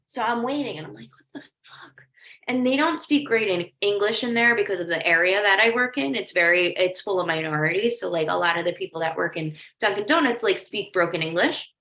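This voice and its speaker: A woman life coach teaching in a loose, conversational way, peppering her talk with "like" and little asides. Her voice is bright and forward, and the room around her rings with a noticeable echo. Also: medium pitch, lively intonation, brisk, few pauses. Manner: chatty, lots of "like", storytelling asides. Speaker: life coach leading a training. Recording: echoey room.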